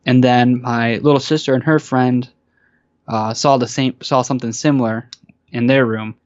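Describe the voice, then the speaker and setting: A man speaking at an ordinary pitch as a guest, his talk hesitant and full of fillers and restarts. His voice comes through dull and lo-fi, dry and close. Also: steady tone, normal speed, smooth, no echo. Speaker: guest caller. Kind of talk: casual interview chat.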